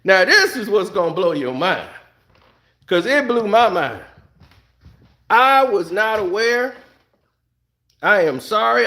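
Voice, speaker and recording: A man's voice: high voice, big pitch swings, slow pace, pauses often, sharp tone, roomy sound. A man reviewing a TV series in a casual, comedic rant, laughing often and acting out other people's voices. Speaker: TV review vlogger.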